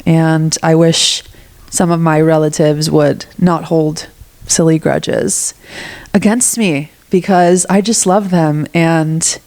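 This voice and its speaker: A young woman with a slightly low voice and a stuffy nose, hosting her own podcast in a loose, candid monologue. She swears casually and jumps into little acted-out lines of what she'd say to people. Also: fairly even intonation, slow, darkish tone. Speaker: podcast host.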